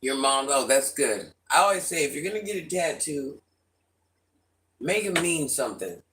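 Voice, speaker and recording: A middle-aged man hosts a casual livestream with a slightly high voice. He greets viewers by name, answers the chat and talks freely in an animated, chatty way. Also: normal speed. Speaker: livestream host.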